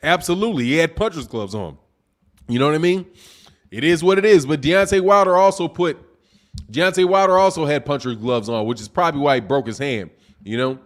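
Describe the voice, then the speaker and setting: A man with a notably high voice hosts a live boxing stream and answers his chat. He argues in a heated, profane, exasperated way and keeps his talk casual and full of slang. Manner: talks fast with casual slang. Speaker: boxing channel host reading live chat.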